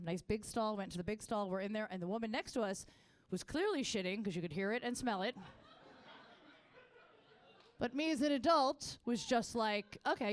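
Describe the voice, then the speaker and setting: A woman performing a stand-up comedy set on a festival stage, telling profane stories in a brash manner. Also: dry recording. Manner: jumps to a much higher, excited voice for quoted lines.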